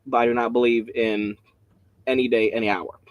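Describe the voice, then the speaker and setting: A man leading a casual Bible study, rambling and excitable, often breaking off mid-sentence, speaking from home. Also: mid-range voice, normal speed, dry recording. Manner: rambling, excitable, self-interrupting.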